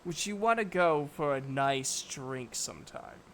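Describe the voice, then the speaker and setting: Guy playing a drunk little halfling hitting on someone, slow and smooth. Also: on the high side, lively intonation, a bit bright, a little hiss or hum. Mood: flirty.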